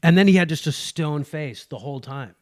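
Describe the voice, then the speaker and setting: A man's voice: on the high side, fairly quick. A man, a guest comedian, chatting casually on a podcast and acting out quotes as he tells stories. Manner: animated storyteller, acts out quotes.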